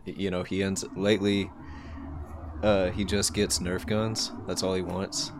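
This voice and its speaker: A man's voice: low voice, little pitch movement, a little slow, background noise. A man co-hosting a podcast with laid-back, chuckling banter. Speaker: podcast co-host. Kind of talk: casual podcast chat.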